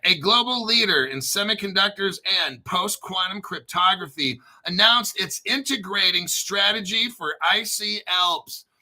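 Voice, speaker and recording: Rambly guy hosting a crypto show, super bright voice, keeps clearing his throat, swears casually. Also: high-pitched. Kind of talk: casual commentary to camera.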